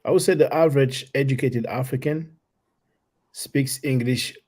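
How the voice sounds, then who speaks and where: Husky man talking haltingly. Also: mid-range voice, a little mellow. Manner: halting, stumbles over repeated words. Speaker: discussion participant. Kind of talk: casual group talk.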